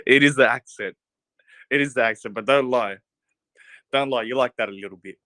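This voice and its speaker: A young podcast host runs a casual live talk show, full of hype and growing more pumped up, even saying he could start yelling. His mid-range voice is brisk, with no room sound.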